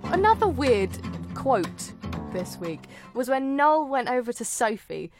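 A woman's voice: high voice, sing-song, measured pace, music in the background. A woman hosting a podcast, chatting casually, laughing often and acting out what people said. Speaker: podcast host. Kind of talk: casual chat.

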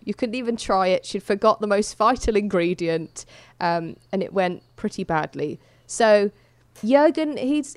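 A woman's voice: medium pitch, no room sound. A woman co-hosting a podcast, chatting casually and laughing often as she recaps a TV show. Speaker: podcast co-host.

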